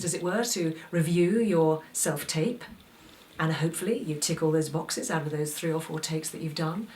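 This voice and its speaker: A woman with a fairly low voice teaches aspiring actors, coaching them through a checklist of rhetorical questions. She sounds a little distant from the microphone. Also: darkish tone. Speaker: acting teacher. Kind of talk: instructional talk to aspiring actors.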